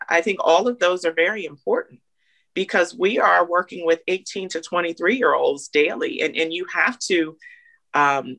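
A woman's voice: on the low side, sharp tone. A woman basketball coach speaking as a webinar guest, confidently listing points with emphasis. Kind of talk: webinar conversation. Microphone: video call.

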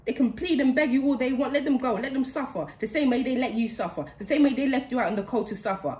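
A woman's voice: high voice, fast, a little mellow. A woman giving a channeled spiritual reading in an indignant, heated way, repeating phrases for emphasis. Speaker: spiritual card reader. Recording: roomy echo.

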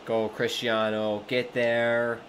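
A man hosting a gaming channel, commentating his own match with excitable outbursts at big moments. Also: mid-range voice, slow. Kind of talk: live gameplay commentary. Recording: noisy background hum.

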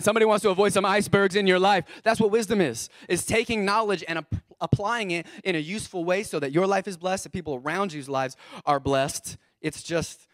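A man's voice: on the high side, no echo, clean studio sound. A man preaching as the pastor of his church, fired up and calling out to the congregation. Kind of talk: energetic sermon.

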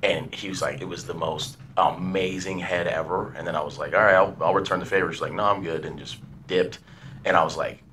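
A man's voice: low voice, brisk, a little hiss or hum. A man co-hosting a casual podcast chat, telling an anecdote and acting out the people in it. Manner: animated storyteller, acts out quoted voices. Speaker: podcast co-host.

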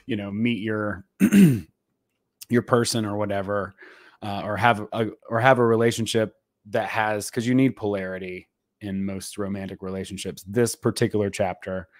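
A man co-hosting a podcast in casual, rambling conversation, full of fillers and throat clearing. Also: fairly low pitch, fairly even intonation, moderate pace, no echo, studio quality. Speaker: podcast co-host.

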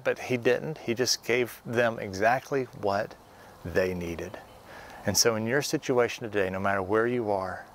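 A man, an associate pastor, giving a devotional sermon in an earnest, encouraging way, with filler pauses between thoughts. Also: on the low side, slight background noise.

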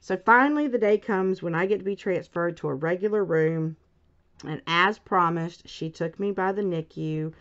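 A woman's voice: fairly low pitch, moderate pace, a bit bright. Rambling woman telling a story. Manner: rambling, heartfelt personal storytelling. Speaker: crafting channel host. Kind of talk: casual chat while crafting. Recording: dull lo-fi sound.

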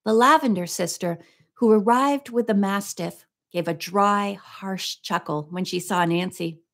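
A woman reading a mystery book aloud in a steady narrating voice, now and then breaking off for soft, chatty asides. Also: mid-range voice, measured pace.

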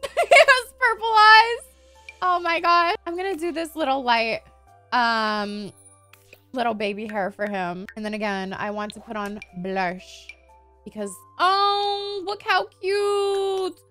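A woman giving excited commentary while playing a life-simulation game, gushing, gasping and squealing, with casual swearing. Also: a little high, unhurried, clear, resonant tone, faint music behind. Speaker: gaming streamer.

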